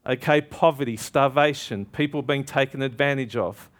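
A man's voice: medium pitch, normal speed. A man preaching a sermon in a conversational way. He tells stories with energy and often checks in with the listeners. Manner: animated storytelling with laughter; conversational, asks "right?".

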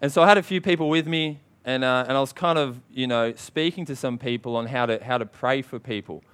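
A man's voice: medium pitch, a little fast, a bit bright, clear, resonant tone. A man preaching a sermon, emphatic and punchy, often calling out to the congregation for a response.

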